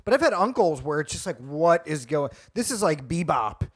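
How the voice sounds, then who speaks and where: A man's voice: on the high side, sing-song, normal speed, slight background noise. A man co-hosting a casual podcast, asking curious questions and riffing on jokes. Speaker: podcast co-host.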